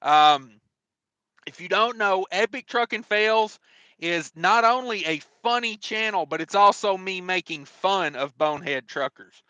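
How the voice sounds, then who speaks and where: A man's voice: sits high, a little slow, pushed and bright, dry recording. A man hosting a casual trucking livestream, rambling and joking with lots of fillers. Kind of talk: casual live-stream chat.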